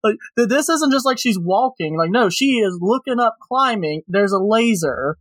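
Guy with a kinda high voice, laid-back comics podcast cohost, dry close mic. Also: moderate pace, no echo. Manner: relaxed, laughs along, reads out scenes plainly. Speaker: podcast co-host. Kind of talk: casual comic book review chat.

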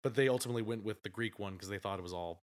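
A man's voice: fairly low pitch, very fast. Chatty man retelling movie scenes. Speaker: podcast co-host. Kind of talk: casual movie review chat.

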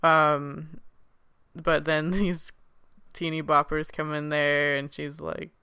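Chatty man with a crisp, bright voice. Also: fairly high pitch, level tone, slow, no echo, studio quality. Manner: chatty, giggly, many fillers. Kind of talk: casual chat.

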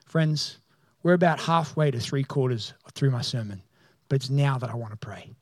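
A man, a pastor, preaching a sermon as a storyteller who acts out the people in the story and grows loud and excited. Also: mid-range voice, moderate pace, no room sound.

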